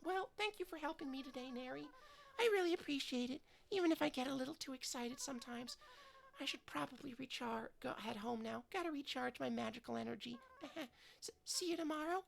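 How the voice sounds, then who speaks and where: A woman's voice: high-pitched, a little fast, gravelly, pitched above the performer's own voice. A woman voicing a shy, overexcited young woman who rambles awkwardly and trips over herself. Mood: flustered.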